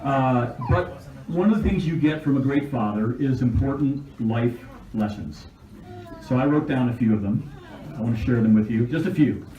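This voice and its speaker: A man's voice: mid-range voice, normal speed, warm tone, dull audio, a little hiss or hum. A middle-aged man giving a humorous birthday toast to his father, reading jokes from a list. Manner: dry jokes, laughing along. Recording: echoey room from far off.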